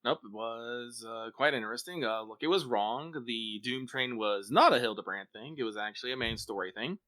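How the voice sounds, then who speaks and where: Halting, bright-voiced man co-host. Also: mid-range voice, no room sound, clean studio sound. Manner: halting, with many "um" and "uh" restarts. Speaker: podcast co-host. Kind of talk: casual chat about games.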